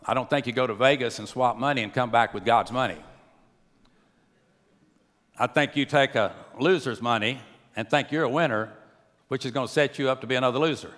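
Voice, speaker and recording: A man preaching a sermon to a church, swinging between hushed and raised delivery. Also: medium pitch, fairly quick, long pauses. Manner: preaching with wide swings from soft to loud. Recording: long hall reverb.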